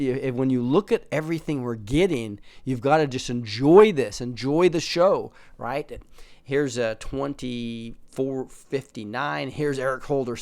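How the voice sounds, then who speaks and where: A man's voice: medium pitch, a little mellow. A man hosting casual political commentary, reading posts aloud, laughing often and putting on mocking voices.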